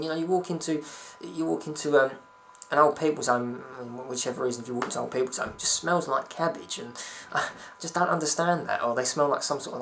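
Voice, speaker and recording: A man's voice: mid-range voice, fairly bright tone, slight background noise. A young man ranting to camera at home in a rambling, sweary, sarcastic way. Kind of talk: casual ranting vlog.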